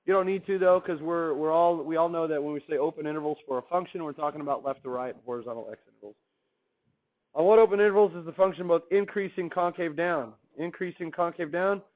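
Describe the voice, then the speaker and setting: A fast-speaking math teacher with a fairly high voice gives a classroom lecture, heard through a thin, phone-like recording. He keeps things chatty and cheerful, asking the class questions and then supplying the answers.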